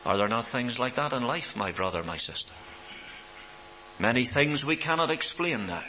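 Man preaching with dramatic, bright swells. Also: sing-song, moderate pace, long pauses. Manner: dramatic swells in pitch and loudness. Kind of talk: sermon. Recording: dull recording with mains hum.

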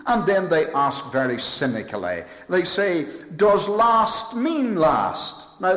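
A man preaching a sermon in a large, reverberant hall, his voice rising and falling through a wide range. He builds emphatic, repetitive lists and leans hard on key phrases. A long echo trails behind every line. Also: mid-range voice.

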